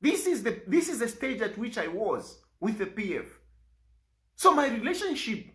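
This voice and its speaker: A middle-aged Zambian man speaks with urgent, pleading force. His pitch climbs and drops widely from phrase to phrase as he presses his point. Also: a bit bright. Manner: pleading, rises and falls sharply in pitch. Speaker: opposition party leader. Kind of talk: impassioned public statement.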